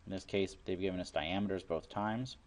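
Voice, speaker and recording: Man, very low voice, math teacher, calm step-by-step explaining, recorded lesson. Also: fairly quick. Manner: plain explanatory, repeats steps, works problems aloud.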